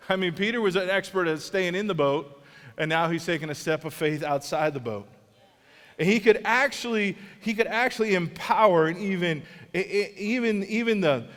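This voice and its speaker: A man's voice: high voice, a bit bright, long reverb tail. A male pastor preaching a sermon in an earnest, conversational way, often restarting his sentences. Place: large church auditorium.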